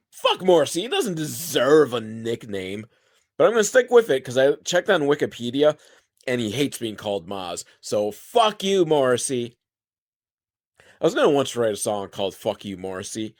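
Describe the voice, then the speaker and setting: Man, comedic film recap, sarcastic, swears a lot, rambling, pitch leaps all over. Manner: profane, sarcastic and digressive.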